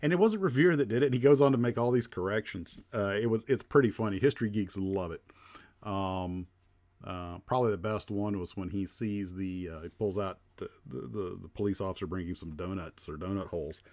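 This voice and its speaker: A man's voice: sits low, steady tone, a little fast, a little mellow. A man hosting a casual livestream chat, talking in a rambling way with lots of fillers and restarts. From United States. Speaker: livestream host.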